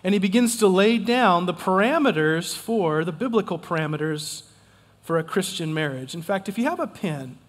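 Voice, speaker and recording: A man pastor preaching a sermon in an emphatic, folksy, animated way, repeating his key points. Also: high voice, normal speed, long reverb tail. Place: church sanctuary.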